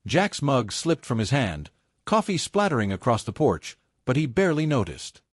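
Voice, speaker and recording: A man reading a story as its narrator in a measured, descriptive way. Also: medium pitch, sing-song, dry recording, studio quality.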